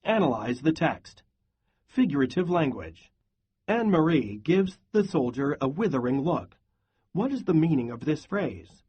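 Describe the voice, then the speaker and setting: A man reading a novel aloud in a steady, even voice for a class lesson. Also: a little high, measured pace, husky. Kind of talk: read-aloud lesson narration.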